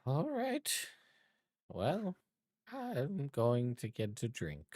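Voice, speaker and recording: A man's voice: medium pitch, huge pitch swings, drawn-out words, very noisy, pitched above the performer's own voice, heavily acted. A man voicing a flustered, fussy old parent who is taken aback.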